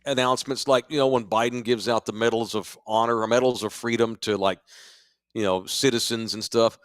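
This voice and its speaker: A man's voice: medium pitch, steady tone, brisk, fairly bright tone, no echo. A middle-aged man from Texas co-hosting a casual podcast from a sports bar studio, telling loose, rambling stories. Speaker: podcast co-host.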